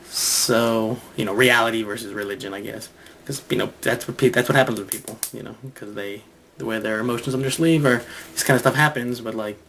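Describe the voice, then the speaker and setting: Rambling man with a gravelly voice. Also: medium pitch, fairly bright tone. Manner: halting, many restarts and fillers, chuckles to himself. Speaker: comedian developing material. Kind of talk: rambling think-aloud monologue.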